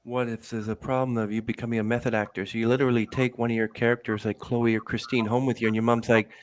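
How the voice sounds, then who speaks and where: A man's voice: mid-range voice, level tone, fast talker, few pauses. A man hosting a podcast, asking long, rambling interview questions that often restart. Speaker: podcast host.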